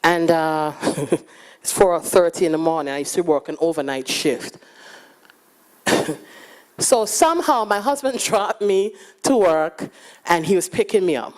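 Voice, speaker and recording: A woman in her forties, speaking at a conference, telling lively personal stories with frequent laughter. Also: on the low side, measured pace. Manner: lively, animated and laughing, acting out quotes. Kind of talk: personal storytelling talk. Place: conference stage.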